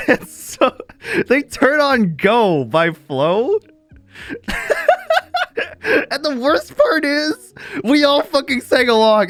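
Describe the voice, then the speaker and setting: A man's voice: very high voice, slow, long pauses, dry recording, faint music behind. A young man streaming, telling a casual story to his chat with lots of laughter and swearing. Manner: animated, laughs often, swears freely.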